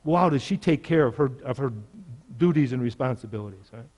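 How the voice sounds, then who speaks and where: A man's voice: medium pitch, expressive, brisk, darkish tone, in a large hall. A middle-aged man presenting at a parenting workshop, explaining ideas in a reflective way. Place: large conference room.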